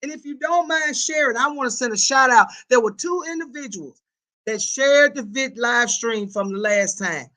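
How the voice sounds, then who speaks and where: Reading viewer comments on her casual livestream, a woman chats animatedly in colloquial speech full of repetition and laughter. She speaks at a moderate pace in a slightly high voice, and the audio is rough.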